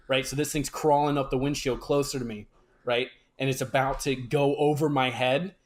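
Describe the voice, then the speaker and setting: A young man co-hosting a podcast, telling stories in an excitable, slangy way. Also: medium pitch, normal speed. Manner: excitable storyteller, says dude and bro. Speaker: podcast co-host. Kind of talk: casual chat.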